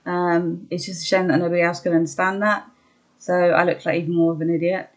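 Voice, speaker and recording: A young woman talking candidly about her own experiences, hesitant with many pauses and ums, laughing at herself at times. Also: lowish voice, flat delivery, low-quality recording. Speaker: vlogger sharing her illness experience. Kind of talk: candid personal chat.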